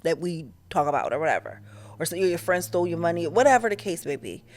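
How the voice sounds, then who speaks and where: A woman hosting a podcast, talking in a candid, animated way, with slang and profanity, in a casual spiritual monologue. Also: on the low side, fast talker. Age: adult, past her teens. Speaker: podcast host.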